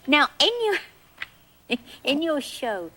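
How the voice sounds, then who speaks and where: Gushing woman host, bright tone, a touch high. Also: big pitch swings, slow, slight background noise. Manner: gushing, effusive. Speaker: talk show host. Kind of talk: talk show chat.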